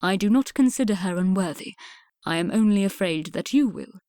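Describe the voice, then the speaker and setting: A woman reading an audiobook, voicing a reserved young Regency gentleman who speaks in a measured, formal way. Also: mid-range voice, lively intonation, no room sound, clean studio sound, natural voice. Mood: guarded.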